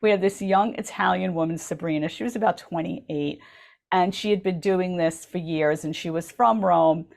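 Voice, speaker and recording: A woman's voice: fairly low pitch, moderate pace, gravelly, a little mellow. A woman co-hosting a radio talk show, telling a story in an enthusiastic, chatty way full of ums. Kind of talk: casual chat. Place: radio studio.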